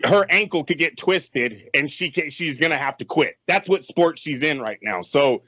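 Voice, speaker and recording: Brief: male co-host, blunt and cursing, slightly raised pitch; dull call audio. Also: expressive, moderate pace, bright, forceful tone, dry recording. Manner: blunt, emphatic, curses freely. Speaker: podcast co-host. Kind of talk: casual sports podcast chat.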